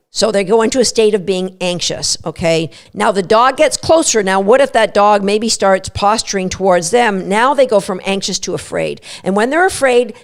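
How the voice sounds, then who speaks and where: A woman hosting a dog training podcast, explaining dog emotions and sometimes speaking a dog's thoughts in a lower, softer voice. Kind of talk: instructional podcast talk.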